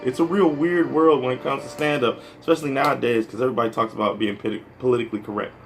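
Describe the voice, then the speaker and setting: A man's voice: medium pitch, steady tone, very fast, soft background music. A man from the American Midwest, a stand-up comedian, talking in a casual, rambling vlog monologue full of "like" and "you know" and some swearing.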